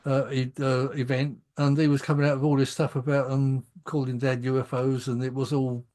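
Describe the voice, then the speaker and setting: A man's voice: mid-range voice, flat delivery, a little fast, warm tone. A man hosting a casual chat, conversational and hesitant, with many fillers. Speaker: radio host.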